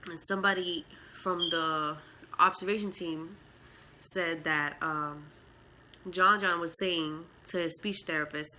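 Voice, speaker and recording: A woman's voice: lowish voice, steady tone, slow, pushed and bright, slight background noise, poor audio. A mother telling her own story in a casual vlog, heartfelt and emotional, with many fillers. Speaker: mother and vlogger.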